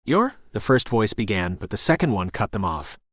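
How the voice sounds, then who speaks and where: A man narrating a first-person novel as an audiobook in a steady storytelling voice. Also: on the low side, brisk, breathy edge, no echo, studio quality.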